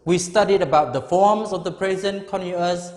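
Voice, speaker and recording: A man in his fifties teaching an English grammar lesson, speaking slowly and emphatically and repeating key words. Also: high-pitched, darkish tone, in a large hall.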